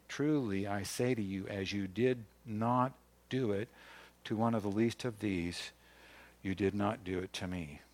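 A man, a pastor, preaching a sermon and reading scripture aloud, rising in force on key points. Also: on the low side.

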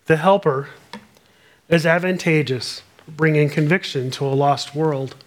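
A man's voice: on the high side, unhurried, slight background noise. A man preaching a sermon, explaining scripture verse by verse and reading passages aloud in an earnest way. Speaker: pastor.

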